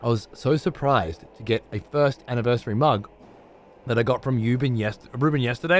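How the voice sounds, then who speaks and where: A man's voice: medium pitch, fairly quick, soft background music. A man streaming and chatting casually with his audience, blunt, rambling and full of swearing.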